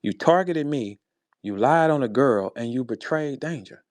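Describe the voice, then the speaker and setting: A man with a St. Louis accent calling out a rival in a heated, profane monologue, tossing in "bro" and "man" and swinging from low muttering to loud high outbursts. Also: lively intonation, normal speed, dry recording, studio quality. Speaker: battle rapper addressing a rival. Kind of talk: heated monologue on a live audio space.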